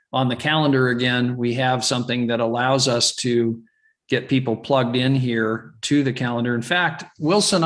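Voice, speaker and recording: A man from California hosts a live webinar over a video call. His voice sits at an ordinary middle pitch. He talks in a loose, rambling way, full of "um"s and restarts. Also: fairly bright tone. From California, USA. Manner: rambling and chatty, with frequent fillers and restarts. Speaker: webinar host. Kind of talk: casual live webinar chat.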